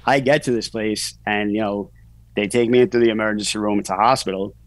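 Brief: man in his 40s, deeper register, dry close sound, loose chatty storytelling with lots of fillers. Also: steady tone, brisk, no echo, low-quality recording. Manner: rambling, frequent "you know" fillers. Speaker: guest, author. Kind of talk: casual personal storytelling.

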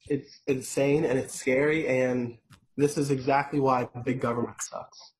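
A man's voice: medium pitch, fairly even intonation, normal speed, darkish tone, slight background noise, rough recording. A man co-hosting a casual political podcast who mostly reacts and agrees, with short interjections. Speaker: podcast co-host.

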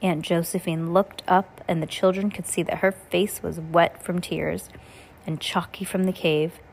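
A woman reading a children's novel aloud in a plain, unhurried way, with occasional stumbles. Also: fairly low pitch, little pitch movement, creaky, darkish tone, a little hiss or hum. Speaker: reader.

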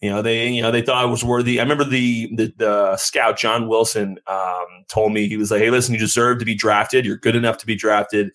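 A man, a former pitcher chatting as a podcast guest in a laid-back, joking way, often restarting his sentences. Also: flat delivery, fairly quick, hardly any pauses, fairly bright tone, rough recording. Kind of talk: casual chat.

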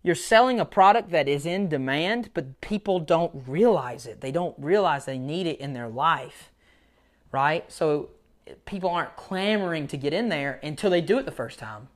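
A man's voice: on the high side, expressive, normal speed. A man hosting a solo podcast, talking in a casual, rambling, self-deprecating way, laughing now and then. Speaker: podcast host; jiu-jitsu coach.

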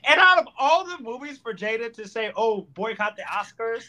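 A man hosting a podcast, chatting casually and joking with quick asides. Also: very high voice, very animated, bright, forceful tone. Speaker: podcast host. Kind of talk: casual chat.

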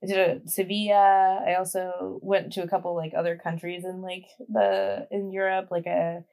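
A woman's voice: lowish voice, level tone, normal speed, creaky, dark tone. Chatty young woman guest, fillers galore. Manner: chatty, heavy use of "like" fillers. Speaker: podcast guest. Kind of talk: casual chat.

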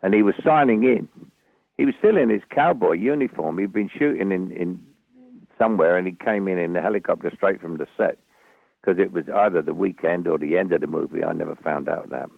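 Older man, Cockney accent, very deep, gravelly, rambling anecdotes, tinny phone-like radio audio. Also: dry recording. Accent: Cockney London. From London, England. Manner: rambling, halting with restarts, dry humour. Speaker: guest actor. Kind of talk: anecdotal storytelling.

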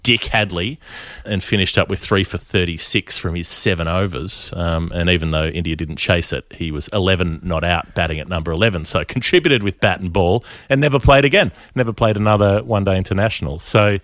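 A man's voice: low voice, fairly quick, fairly bright tone, no echo, studio quality. A man co-hosting a cricket podcast, chatty and rambling as he runs through stats, laughing often. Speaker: co-host, cricket stats presenter. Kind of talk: casual podcast chat.

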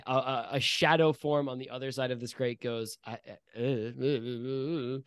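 A man's voice: mid-range voice, fairly even intonation, a little slow, smooth, dry recording. Playful man narrating a tabletop game. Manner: vivid, playful scene-setting with frequent fillers. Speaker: game master.

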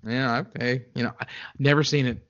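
A man's voice: mid-range voice, little pitch movement, fairly quick, fairly bright tone, highs cut off. A man co-hosting a casual movie podcast, talking hesitantly with stammering restarts. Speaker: podcast co-host.

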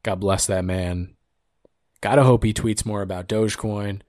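A man's voice: on the low side, steady tone, moderate pace, a little mellow, dry recording, clean studio sound. A young man hosting a podcast, riffing on the news in a sarcastic, rambling, jokey way. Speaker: podcast host. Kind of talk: casual comedic podcast monologue.

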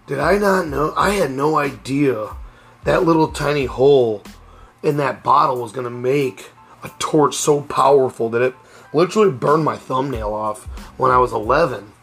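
A man's voice: mid-range voice, moderate pace, creaky, fairly bright tone, slightly rough, soft background music. A middle-aged man hosting a casual storytelling podcast, speaking candidly and rambling with frequent restarts. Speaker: podcast host.

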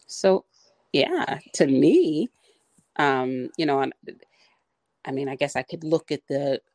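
A woman co-hosting a podcast, talking earnestly in a halting, filler-heavy way. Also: low-pitched, sing-song, a little mellow, dry recording. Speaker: podcast co-host. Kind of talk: casual discussion.

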